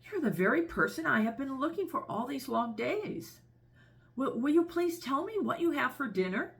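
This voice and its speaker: A woman voicing a polite, curious young elephant calf in a storybook reading, talking high and pleading. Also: sing-song, normal speed, vocal fry, pushed and bright, full character voice. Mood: eager.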